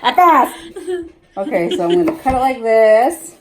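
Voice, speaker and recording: A woman's voice: a little high, expressive, moderate pace. Woman, casual cooking vlogger, laughs easily, kitchen noise behind her. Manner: chatty, laughing storyteller. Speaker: home cook filming herself. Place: home kitchen. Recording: noisy kitchen recording.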